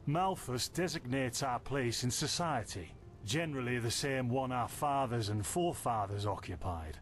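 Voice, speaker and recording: A man's voice: mid-range voice, lively intonation, moderate pace, a little hiss or hum, close to an everyday voice. An actor with a Yorkshire accent voicing a friendly, chatty scholarly male villager in a video game, explaining things patiently. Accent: Northern English, Yorkshire. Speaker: game character. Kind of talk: voiced video game dialogue.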